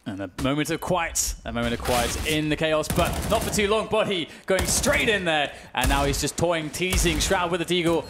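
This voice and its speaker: A man's voice: moderate pace, hardly any pauses, music in the background. A man with a British accent giving live play-by-play commentary on an esports match, his voice jumping up on big plays. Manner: excitable, pitch jumps on big plays. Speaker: esports caster.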